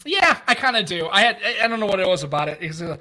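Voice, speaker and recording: Podcast co-host, fifties, American, quick and bright-voiced, loose swearing storyteller. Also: male voice, high voice. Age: 50s. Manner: animated storyteller, swears freely. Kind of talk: casual chat, storytelling.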